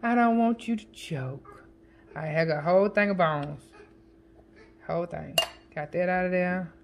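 A woman chatting casually as a home cooking vlogger, counting her seasoning shakes out loud and joking with family off camera. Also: fairly low pitch, moderate pace, background noise. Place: home kitchen. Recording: kitchen clatter of dishes and utensils.

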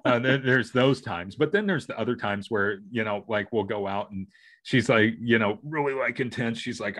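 A man's voice: on the low side, moderate pace, a bit bright. A middle-aged man co-hosting a podcast, chatting casually in a rambling way with many restarts and acted-out family quotes. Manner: rambling, restarting, acting out family members' lines. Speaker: podcast co-host. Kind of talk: casual chat.

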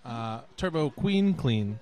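A man's voice: medium pitch, lively intonation, slow pace, a little mellow, faint music behind. A young man doing casual, dry, joking commentary on a video game tournament. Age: young adult.

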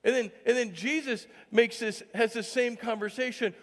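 A male pastor preaches with a notably high voice and an easy, chatty delivery full of fillers. He drops to hushed stretches, then builds to loud, emphatic points, and the long reverb of a church hall trails every phrase. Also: fairly even intonation, normal speed, hardly any pauses. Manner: conversational, heavy use of filler "like". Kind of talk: sermon. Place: church sanctuary.

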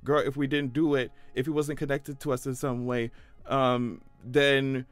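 A man giving casual reaction commentary, sassy and profane, breaking into high-pitched exclamations. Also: flat delivery, measured pace, dry recording. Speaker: commentary vlogger.

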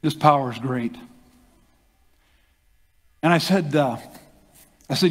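An older man, a pastor, telling a story in a sermon with animated delivery and acted-out quotes. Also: fairly high pitch, normal speed, long pauses. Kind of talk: sermon testimony. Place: church hall. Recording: long hall reverb.

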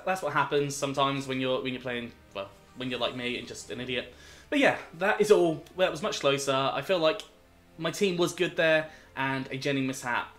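A man's voice: medium pitch, a bit bright. A man commentating his own competitive game battle, thinking aloud and turning exasperated and self-critical at his mistakes. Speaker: gaming video host.

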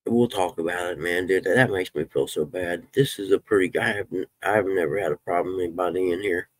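A man's voice: sits low, a little fast, husky, no echo. A man casually chatting with viewers on a live stream, folksy, and swearing when he gets fired up.

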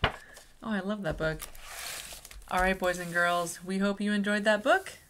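A woman reading a children's picture book aloud in an expressive, dramatic storytelling manner. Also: mid-range voice, measured pace, noisy background.

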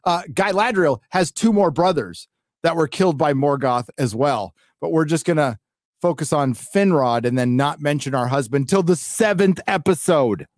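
A man's voice: fairly high pitch, normal speed, a little mellow, dry recording, studio quality. A middle-aged man hosting a live stream, chatting casually and reading out donations in a rambling, profane way. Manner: rambling, profane, with many fillers.

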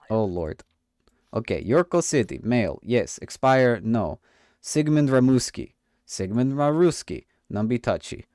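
A man's voice: medium pitch, animated, slow pace, long pauses, dark tone, no room sound, clean studio sound. Man joking in broken-English inspector talk. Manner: jokey broken-English border inspector act; swears and laughs casually. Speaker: let's play gamer. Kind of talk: playing a video game with commentary.

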